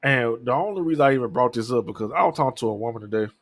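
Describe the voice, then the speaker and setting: Man in his thirties, podcast host, casual solo talk, mid-pitched voice, dry close sound. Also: animated, racing, dry recording. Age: 30s. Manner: candid, profane, rambling storytelling.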